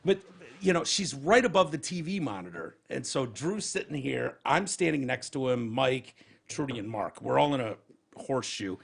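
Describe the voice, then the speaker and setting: A man's voice: mid-range voice, expressive, normal speed, gravelly, slightly rough. A man co-hosting a podcast, telling a story in casual chat with a profane, wisecracking manner. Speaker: podcast co-host.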